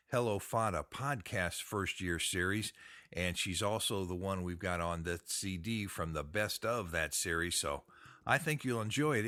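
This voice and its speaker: Folksy low-voiced American man. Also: sharp tone, no room sound, studio quality. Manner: folksy, chatty, upbeat. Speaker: podcast host. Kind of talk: casual podcast chat.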